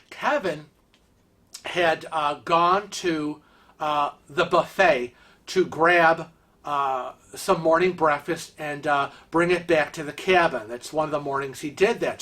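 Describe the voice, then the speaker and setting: A man's voice: high-pitched, bright, forceful tone. A man telling cruise stories in a chatty, rambling way, with many fillers. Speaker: cruise vlogger. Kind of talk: casual storytelling.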